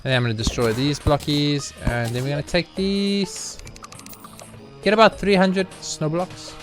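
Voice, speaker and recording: A man's voice: a little high, steady tone, moderate pace. A young man commentating his gameplay in a casual, sarcastic, mock-boastful way, swearing freely. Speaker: let's play host. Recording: game music playing behind. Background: game music.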